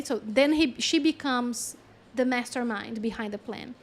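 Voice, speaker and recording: Woman, high pitch, casual animated storytelling, frequent laughter, filler-heavy. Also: a little slow. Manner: animated, chatty, laughs often, many fillers. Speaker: channeler.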